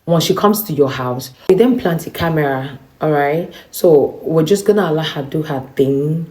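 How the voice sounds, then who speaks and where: A woman with a Nigerian accent telling a personal story to camera in a casual, animated way, acting out the dialogue. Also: low-pitched, moderate pace. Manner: animated, acts out quoted dialogue. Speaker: vlogger.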